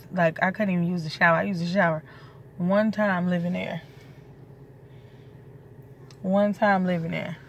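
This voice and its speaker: A woman's voice: lowish voice, vocal fry, slight background noise. Chatty pregnant woman vlogging, loose and profane. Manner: loose, chatty, swears freely. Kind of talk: casual chat to camera.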